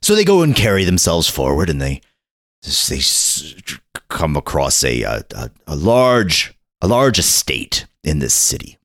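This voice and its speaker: A man's voice: extremely low pitch, wildly swooping pitch, a little slow, fairly bright tone, no room sound, clean studio sound. A man co-hosting a podcast, rambling through a mock trailer-style recap with playful stumbles. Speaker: podcast co-host.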